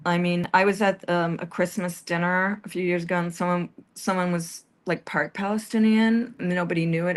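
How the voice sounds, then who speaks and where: A woman chatting casually on a livestream, rambling and hesitant with many restarts. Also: on the low side. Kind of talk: casual chat.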